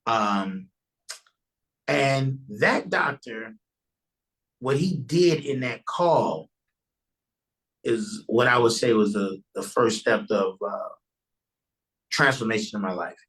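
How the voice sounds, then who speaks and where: A man's voice: medium pitch, takes it slowly, pauses often, fairly bright tone, low-quality recording. A man guesting on a podcast, earnestly telling a personal testimony in a loose, conversational way and often restarting his sentences.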